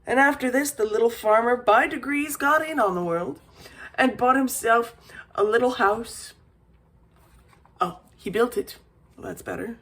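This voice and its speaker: A woman reading an old fairy tale aloud as a storyteller, lively, with small slips and restarts. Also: on the high side, measured pace, long pauses.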